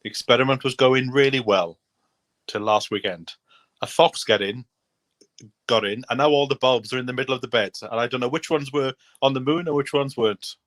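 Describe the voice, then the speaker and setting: A man's voice: medium pitch, brisk, a bit bright. A man with an everyday mid-range voice chats on a gardening show. He rambles and pokes fun at himself, and the sound is dry and close, with no room echo. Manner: rambling, self-deprecating, chatty. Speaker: host. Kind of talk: casual chat.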